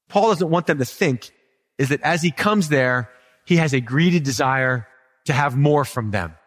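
A man's voice: medium pitch, fairly bright tone, long reverb tail. A man preaching a sermon as pastor, conversational and humorous, asking the congregation questions.

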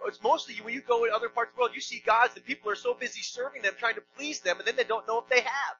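A man's voice: very high-pitched, steady tone, fast, sharp tone, highs cut off, slight background noise. A man preaching a sermon in a church, conversational and emphatic, with joking asides. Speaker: pastor.

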